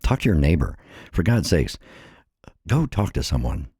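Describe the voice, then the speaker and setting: Middle-aged man from the States, dark husky bass, a bit breathless, impassioned solo vlog rant. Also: sing-song, normal speed, no echo, studio quality. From United States. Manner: earnest, impassioned, repeats phrases. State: a little out of breath. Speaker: vlogger. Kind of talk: personal monologue.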